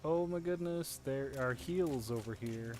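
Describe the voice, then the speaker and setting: A man's voice: mid-range voice, unhurried. A man in a game voice chat, making short callouts to his teammate.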